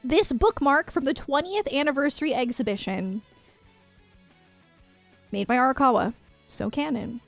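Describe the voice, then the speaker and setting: Young female streamer, bright-leaning pitch, rambling fangirl chat, faint music behind. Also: normal speed, creaky, long pauses. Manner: gushing fan talk, full of "like" and "um". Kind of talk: casual livestream chat.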